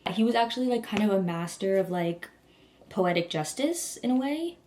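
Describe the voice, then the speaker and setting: Young woman vlogger, casual chat, gushing and rambling, average pitch. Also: expressive, moderate pace, darkish tone, slight background noise. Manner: gushing, rambling, heavy use of "like".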